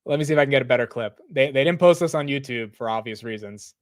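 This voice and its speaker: A man hosting a live stock market stream, talking casually and excitably with loose slang and frequent laughs. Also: medium pitch, quick pace, no echo, studio quality. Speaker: market livestream host.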